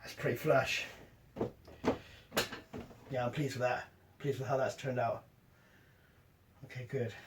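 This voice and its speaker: A man's voice: medium pitch, level tone, a little slow, pauses often, far from the mic, very noisy. A man casually narrating his own camper van build in a wry, self-deprecating way. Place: in and around a camper van, partly outdoors.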